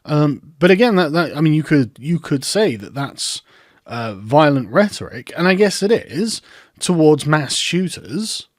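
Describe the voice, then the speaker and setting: A man's voice: a little high, very animated, a little slow, no echo. A man giving sarcastic commentary in a mocking, incredulous way, close to the mic. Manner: mocking, incredulous, breaks into laughter. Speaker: online commentator.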